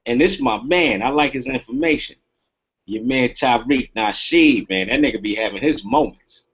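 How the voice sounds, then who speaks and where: A man's voice: mid-range voice, normal speed, a bit bright, slightly rough, highs cut off. A man talking bluntly in street slang on a casual online talk show.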